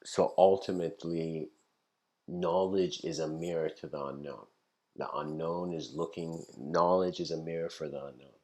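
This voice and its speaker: A man's voice: very deep voice, steady tone, normal speed, darkish tone. A man giving an informal philosophy lecture, rambling and laughing often, acting out the voices in his stories.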